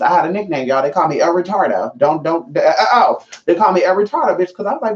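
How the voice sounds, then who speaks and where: A woman vlogger telling stories to her viewers in a casual, profane way, often calling them y'all and jumping up in pitch for emphasis. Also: fast talker, hardly any pauses. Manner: profane, chatty, keeps addressing viewers as y'all; animated, pitch jumps up for emphasis. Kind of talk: casual storytelling to camera. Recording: slightly dull lo-fi sound.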